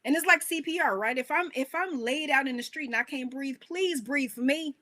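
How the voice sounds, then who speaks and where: A woman coach preaching a motivational message with animated emphasis and a fairly high voice. She talks to the crowd in a conversational way, tossing in rhetorical questions. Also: a little fast. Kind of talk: motivational talk, sermon-like.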